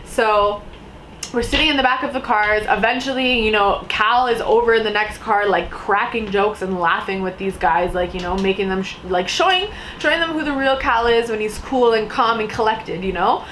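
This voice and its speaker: A young woman tells a personal story to her camera in a loose, chatty way, her sentences stacked with "like" and "you know". She slips into a higher pitch whenever she acts out someone's lines. A faint hiss sits under her voice. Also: normal speed, poor audio. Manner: animated storytelling, acting out quotes in a higher voice; filler-heavy, lots of "like" and "you know". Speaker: vlogger. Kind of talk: casual storytime.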